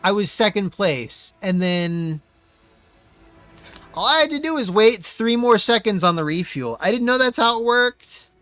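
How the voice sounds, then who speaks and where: A man streaming a racing game, commenting as he plays with constant profanity, exasperated ranting and sudden yelled outbursts. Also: high voice, expressive, unhurried, no room sound, faint music behind. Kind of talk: live gameplay commentary.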